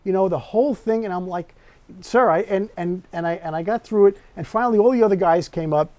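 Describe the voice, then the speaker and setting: A man's voice: high-pitched, a little fast. A man hosting a podcast in casual chat, telling a story with energy and acting out each voice in his anecdote. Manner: animated storyteller who acts out the dialogue. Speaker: podcast host.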